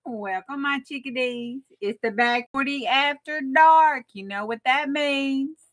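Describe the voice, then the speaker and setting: A middle-aged woman with a twang chats through a late-night crafting live stream, folksy and a little bawdy, laughing often as she greets her viewers one by one. Her voice sits a bit high and rings very bright and forward. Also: a little slow. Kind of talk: casual live-stream chat.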